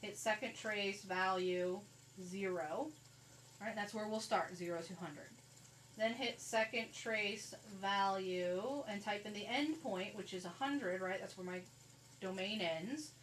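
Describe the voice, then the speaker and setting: A woman's voice: medium pitch, unhurried, a bit bright, far from the mic, low-quality recording. A woman teaches a math lesson, talking plainly through each calculator step. Her voice sits a little back from the microphone, with a faint hiss underneath. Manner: conversational, walks through calculator steps. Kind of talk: recorded classroom lecture. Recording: faint noise, voice a bit off-mic.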